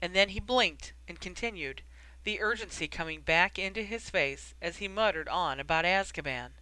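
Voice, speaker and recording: A steady audiobook narrator with a bright, ringing voice and a smooth, crisp tone. The reading is dry and close, with no room sound. It carries the story at an even, measured pace. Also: medium pitch, dry recording, rough recording. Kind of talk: scripted narration.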